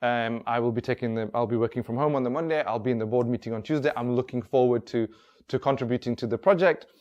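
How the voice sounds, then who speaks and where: A man's voice: medium pitch, quick pace, darkish tone, highs cut off, natural voice. A man voicing a polite young male office worker who stumbles and restarts as he speaks. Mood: pleading.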